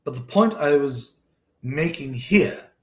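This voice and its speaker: A man's voice: on the high side, animated, slow. A man talking casually and thoughtfully about a life lesson, often restarting and correcting himself mid-sentence. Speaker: host sharing life lessons. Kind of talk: casual reflective monologue. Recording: roomy echo.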